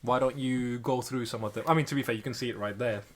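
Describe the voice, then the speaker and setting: This young man co-hosts a podcast, talking fast in a mid-range voice during a casual chat, with crowd noise in the background. He laughs and goes on animated, incredulous rants.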